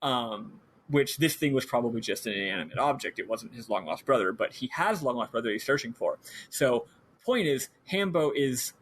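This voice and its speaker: A male podcast host in casual chat, telling a story animatedly and swearing freely as he goes. His voice sits in an ordinary middle pitch, and he slips quick paraphrased voices of the characters into his telling. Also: animated, a bit bright, a little hiss or hum. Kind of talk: casual chat recapping a video game.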